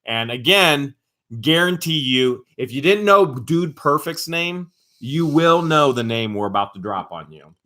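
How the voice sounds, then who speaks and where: A man's voice: fairly high pitch, expressive, measured pace, sharp tone. A man co-hosting a casual livestream, upbeat and playful as he hypes an announcement. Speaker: co-host of a livestream. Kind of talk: casual live-stream chat.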